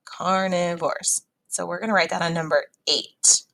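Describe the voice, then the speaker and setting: A woman teacher giving a recorded phonics lesson to young students, patient and sounding words out slowly. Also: fairly low pitch, gravelly, fairly bright tone, no room sound, rough recording.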